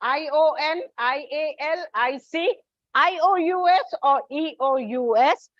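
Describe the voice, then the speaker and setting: Woman, English teacher, unhurried, spells and repeats words, close dry sound. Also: high-pitched, no room sound, muffled recording. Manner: slow, deliberate, spells out word endings and repeats words. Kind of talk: classroom lesson on word stress.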